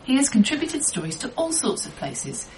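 A woman hosting a podcast, reading out measured scripted introductions. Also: high-pitched, big pitch swings, darkish tone, a little hiss or hum, low-quality recording. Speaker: podcast host.

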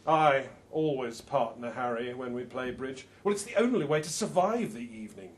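A man reading a first-person story aloud with dry, understated humor, opening lines with "well" and letting out soft laughs. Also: mid-range voice, lively intonation, normal speed.

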